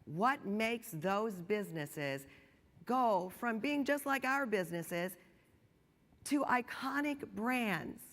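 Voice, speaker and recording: A middle-aged woman giving a keynote speech, telling stories with animated, rising emphasis. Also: medium pitch, takes it slowly. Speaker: keynote speaker. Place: large conference hall. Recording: long hall reverb.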